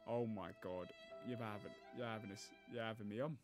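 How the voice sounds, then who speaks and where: A man's voice: lowish voice, steady tone, brisk, over music. A man giving live gameplay commentary as a gaming YouTuber. He thinks aloud, groans and pleads at the game.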